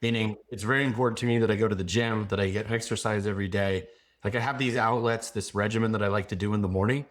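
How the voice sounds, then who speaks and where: A man's voice: lowish voice, steady tone, fast. Confident man giving business advice. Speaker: business founder and guest. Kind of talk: casual podcast conversation.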